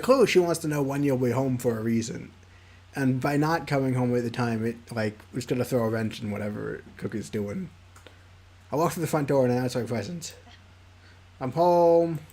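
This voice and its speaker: A man's voice: mid-range voice, darkish tone. A young man streaming a game, rambling and joking as he comments. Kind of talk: casual game playthrough commentary.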